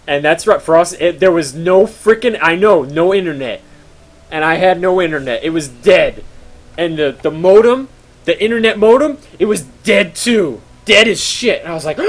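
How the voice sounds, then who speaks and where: A man's voice: high-pitched, expressive, normal speed. Dramatic man telling a mock-scary tale. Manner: dramatic, mock-horror telling with rambling fillers. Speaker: streamer. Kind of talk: casual storytelling to chat.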